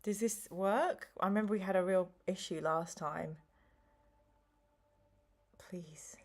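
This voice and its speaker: A middle-aged woman hosting a live stream, chatting casually and a little slowly because she is tired, with rambling asides and apologies. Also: medium pitch. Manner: slow, rambling, chatty with frequent ums and apologies. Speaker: live stream host running a gamebook play.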